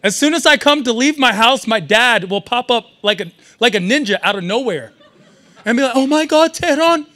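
A young man doing a stand-up comedy set at a live event, animated and riffing with the audience. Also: very high voice, fairly quick. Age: young adult.

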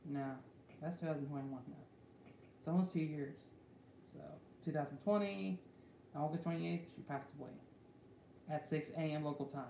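A man's voice: on the high side, moderate pace, gravelly, pauses often, dark tone. Young male vlogger, meandering delivery full of repeated fillers, recorded in a roomy echoey space. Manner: rambling, repeats "so" and "guys" constantly. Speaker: channel host. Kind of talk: rambling casual vlog. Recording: echoey room with faint background hum.

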